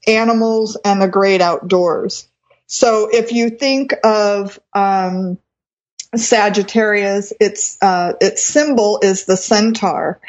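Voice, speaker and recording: A woman astrologer giving a live reading on the radio, explaining as she goes and stopping to rephrase. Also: mid-range voice. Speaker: astrologer and reverend. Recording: dull lo-fi sound.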